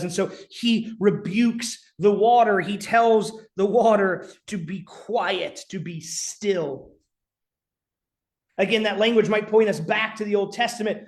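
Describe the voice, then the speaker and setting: A man preaching a sermon as pastor, earnest, sometimes dropping to a near whisper for emphasis. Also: high voice. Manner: earnest preaching with dramatic quiet drops.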